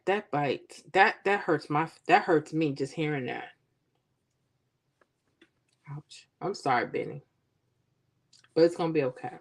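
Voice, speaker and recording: A woman hosting a casual livestream, chatting with viewers and teasing them in a playful, animated way. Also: medium pitch. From Florida. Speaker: livestream host. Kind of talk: casual chat with live viewers.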